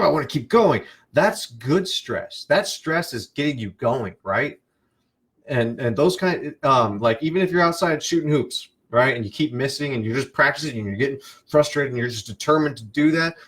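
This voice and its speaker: Chatty man coaching on a live stream. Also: mid-range voice. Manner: animated, repeats and restarts, asks "right?". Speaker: online business coach. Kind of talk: casual live-stream talk.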